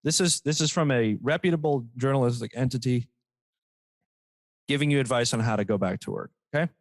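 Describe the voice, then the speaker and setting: A man's voice: mid-range voice, brisk, no echo. A man co-hosting a casual comedy podcast, joking, reading quotes aloud mockingly and laughing often. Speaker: podcast co-host.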